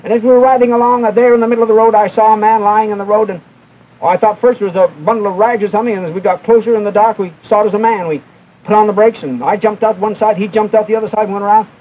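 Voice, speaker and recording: Brief: young male evangelist, high voice, fervent and emphatic, vintage tinny broadcast. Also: fairly even intonation, very fast. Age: young adult. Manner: fervent, emphatic, rising and falling delivery. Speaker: evangelist preacher. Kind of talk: televised sermon. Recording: tinny old broadcast recording with faint hiss.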